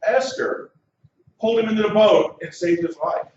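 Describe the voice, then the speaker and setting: A man's voice: sits high, normal speed, darkish tone. 40s guy doing first stand-up set, nervous um-uh storytelling, super echoey club, far off. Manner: storytelling with nervous hesitations, leads crowd chants. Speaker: comedian. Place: comedy club stage. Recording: echoey club heard from far off on a dull mic.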